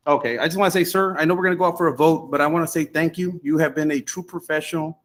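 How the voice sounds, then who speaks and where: Fast-talking board member with a higher voice. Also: male voice, fairly even intonation. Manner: rushed, apologetic.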